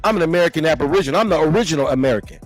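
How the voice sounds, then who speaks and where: High-voiced fired-up man in his fifties. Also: expressive, rapid-fire, soft background music. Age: 50s. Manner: emphatic, preachy, fired-up. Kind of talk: casual livestream talk.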